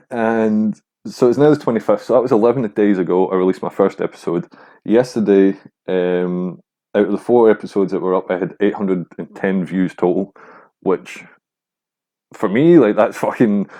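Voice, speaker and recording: A man's voice: medium pitch, mellow. A young man hosting a casual solo podcast, rambling and swearing freely with a self-mocking streak. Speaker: podcast host.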